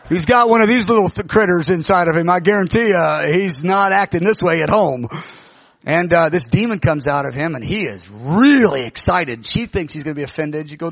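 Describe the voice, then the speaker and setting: A middle-aged man, a pastor telling a lively story in a sermon and acting out the voices of the people in it. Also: fairly high pitch, a little fast, dry recording. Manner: animated, acts out quoted voices. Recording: dull lo-fi recording.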